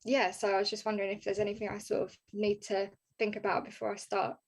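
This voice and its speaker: A woman speaking up on a video call, at a middle pitch. She asks her question haltingly, filling gaps with soft "um"s. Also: little pitch movement, breathy edge. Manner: hesitant, many "um"s. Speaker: caller, artist asking for advice.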